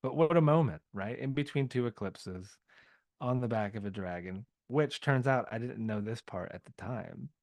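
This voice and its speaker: A man's voice: medium pitch, expressive, moderate pace, gravelly, darkish tone, no echo. A man from the American South, a podcast guest telling a story in a loose, rambling way full of filler words. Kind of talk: casual podcast conversation.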